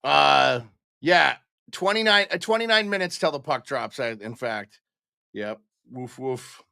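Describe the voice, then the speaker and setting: A man's voice: on the high side, sharp tone, clear, resonant tone, dry recording, studio quality. Chatty man hosting a live stream. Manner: chatty, greets viewers by name. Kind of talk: casual pre-game live stream chat.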